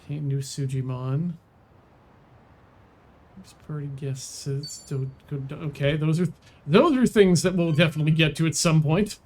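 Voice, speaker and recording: A man's voice: on the high side, fairly even intonation, normal speed, darkish tone, a little hiss or hum. A man streaming a video game, chatting casually and muttering to himself as he plays. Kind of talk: casual let's-play commentary.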